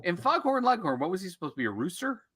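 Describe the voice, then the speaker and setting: A middle-aged man from New Jersey, co-hosting a casual chat with jokey, animated storytelling. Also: high voice, fast talker. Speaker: co-host of a comics podcast.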